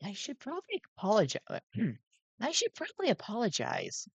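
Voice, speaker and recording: A man voicing a gentle, nervous robot daycare attendant who speaks softly and formally. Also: high voice, wildly swooping pitch, moderate pace, slightly rough, no echo, pitched above the performer's own voice, full character voice, low-quality recording. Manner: soft, hesitant, formal.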